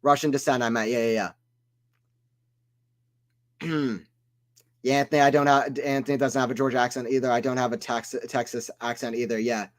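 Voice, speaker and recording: A man's voice: medium pitch, steady tone, moderate pace, long pauses. A man from the American South with an American accent, giving casual play-by-play commentary on a live stream and chatting with viewers. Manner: chatty, reads chat aloud and drifts off topic.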